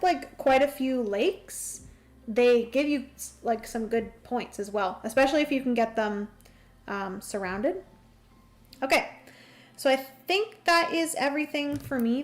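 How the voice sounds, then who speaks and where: A young woman livestreaming a solo board game, thinking aloud through her moves and chatting with viewers. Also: high voice. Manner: chatty, thinks aloud while playing, greets chat warmly.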